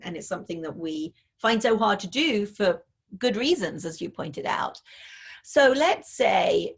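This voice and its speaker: Husky, gravelly-voiced woman explaining. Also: medium pitch. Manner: thoughtful, talks through examples with frequent fillers. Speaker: author and parenting expert guest. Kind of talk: explanatory interview answers.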